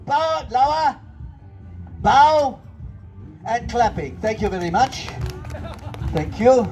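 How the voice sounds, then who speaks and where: A man's voice: extremely high pitch, sing-song, slow, over music. A man performing a comedy children's show, directing young volunteers with bossy, theatrical showman banter. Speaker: children's entertainer. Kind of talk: comic audience-participation patter. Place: outdoor festival stage.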